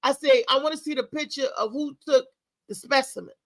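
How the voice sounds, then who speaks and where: Woman, middle-aged, talk show host, high voice, candid storytelling, emphatic, animated. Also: a little fast, no room sound, low-quality recording.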